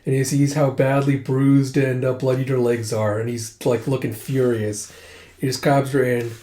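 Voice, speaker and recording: A man casually retelling a comic chapter, lively and quick to react. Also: medium pitch, echoey room.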